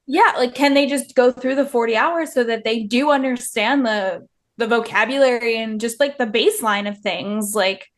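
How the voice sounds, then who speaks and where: A woman's voice: fairly high pitch, normal speed. A woman hosting an interview podcast, chatting agreeably with her guest and using many fillers. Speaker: podcast host. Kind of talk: conversational interview.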